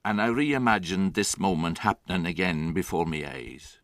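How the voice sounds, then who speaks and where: A man's voice: low voice, moderate pace, fairly bright tone, no echo. An actor playing an older Irish grandfather and former farmer who tells his story in a wry, dry theatrical monologue. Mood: grim.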